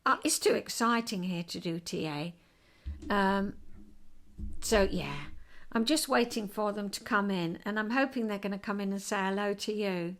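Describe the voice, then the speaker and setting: An older woman hosting a casual home vlog, chatty and rambling and quick to get excited. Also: medium pitch. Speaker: vlog host.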